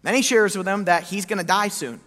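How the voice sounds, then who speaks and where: A man preaching a sermon as pastor, telling the story in an animated way and acting out the quoted lines. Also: sits high, brisk. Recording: echoey hall reverb.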